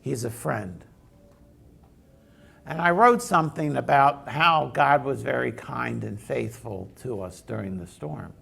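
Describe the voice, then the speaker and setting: Pastor, male; gravelly, slow-paced conversational sermon storyteller. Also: mid-range voice, pushed and bright.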